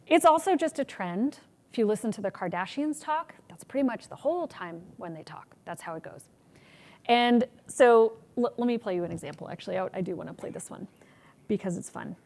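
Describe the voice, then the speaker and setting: A woman presenting a workshop on public speaking, energetic and acting out examples of good and bad delivery. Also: mid-range voice, a little fast, creaky. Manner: energetic, demonstrates examples in changed voices. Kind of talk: teaching a conference workshop.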